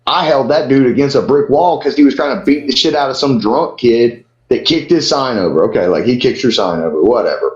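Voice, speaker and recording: A man's voice: medium pitch, animated, a little fast, a little mellow. Man, comedian, casual storytelling, blunt, swearing, roomy room, dull sound. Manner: heated, blunt, swears freely. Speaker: podcast guest, comedian. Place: Austin, Texas. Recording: roomy, dull podcast audio.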